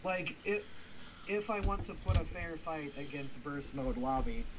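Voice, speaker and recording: A man running a laid-back tabletop game stream, talking in a slightly high voice. He chats casually, thinks aloud over the numbers and reads viewers' messages. A faint hiss sits under the voice. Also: expressive, a little slow. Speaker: game master. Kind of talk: casual livestream chat.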